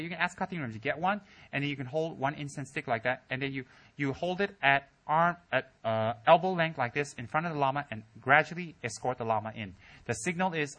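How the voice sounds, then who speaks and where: A man giving a humorous Buddhist dharma talk to his students, telling stories and mimicking people in squealing voices. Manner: animated storytelling, mimics students in high squeals. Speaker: Buddhist teacher. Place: teaching center hall.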